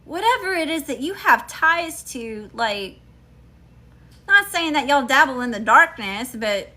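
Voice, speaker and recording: A tarot reader from Mississippi, USA, a woman with a Southern accent, gives her viewers a chatty, emphatic reading full of slang and frequent "y'all" and "okay?". Her voice is high-pitched and sharp, swinging widely in pitch at a slightly slow pace.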